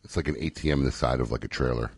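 A male talk radio co-host rants in a husky voice, talking fast and chatty. His pitch swings up and down a lot, and the studio mic sounds close and dry. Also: no echo. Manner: chatty, animated, ranting. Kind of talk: casual radio banter.

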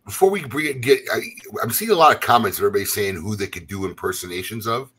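A man's voice: lowish voice, fast, sharp tone, breathy edge. A man hosting a radio talk show, chatting casually and laughing easily. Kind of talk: casual chat.

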